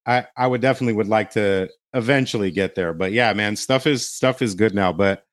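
Laid-back swearing man, low voice. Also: a little fast, no room sound, studio quality. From Glendale, California. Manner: loose, swearing storyteller with many fillers. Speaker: guest DJ. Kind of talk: casual podcast chat.

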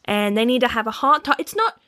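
Young woman, podcast co-host, bright tone, pitch jumping all over, teasing. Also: very animated. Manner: giggly, teasing, quick back-and-forth. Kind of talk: casual chat planning a story.

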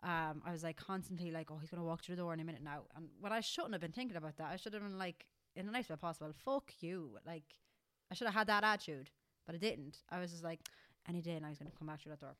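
Irish woman, twenties, lowish voice, rambling casual talk, dry sound. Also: very fast, a bit bright, no echo. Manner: candid, rambling, many fillers and restarts. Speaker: podcast co-host. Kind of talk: casual chat.

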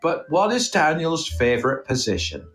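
A man co-hosting a comedy podcast, running a quiz in a put-on Irish accent with teasing, drawn-out quizmaster patter. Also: on the high side, wildly swooping pitch, a bit bright, faint music behind, voice pushed up. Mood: mock-grand. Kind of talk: mock Irish quiz-host voice.

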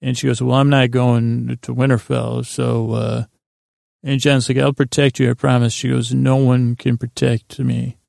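In a loose, wandering recap of a bedtime episode, a podcast host speaks in a mid-range voice that is deeply gravelly and creaky. His tone never rises or falls much, and he drifts into fillers without hurrying. The audio sits right up close, dry and free of any room sound.

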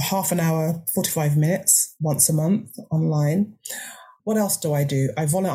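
A woman's voice: lowish voice, mellow, slightly rough. An older woman speaking earnestly as a podcast guest, reflective and sometimes restarting her sentences. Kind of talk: podcast interview.

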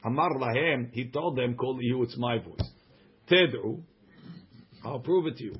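A man's voice: mid-range voice, lively intonation, moderate pace, breathy edge, dull audio. A man teaching a Gemara class, reading the text aloud and translating it with joking asides. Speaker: Talmud teacher.

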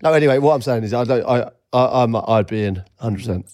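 A man's voice: medium pitch, fast talker, no echo, clean studio sound. A young man co-hosting a podcast, teasing and joking in casual banter. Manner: teasing, joking, deadpan wind-ups. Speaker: podcast co-host.

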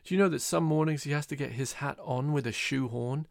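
Guy doing a jeering pub joker, teasing, mid pitch. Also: fairly quick, vocal fry, no room sound, clean studio sound, close to an everyday voice. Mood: mocking. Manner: jeering, laughing. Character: mocking male drinker in a pub, joking.

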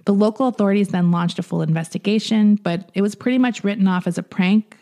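A woman hosting a podcast, casually retelling a story from a book, pausing and restarting as she goes. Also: medium pitch, mellow. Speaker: podcast host.

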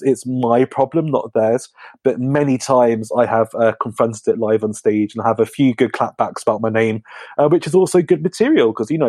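English comic guest, slight lisp, warm relaxed timbre, lively casual anecdotes. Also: male voice, mid-range voice, no echo. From England. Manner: chatty, animated storytelling. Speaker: comedian guest. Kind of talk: casual podcast chat.

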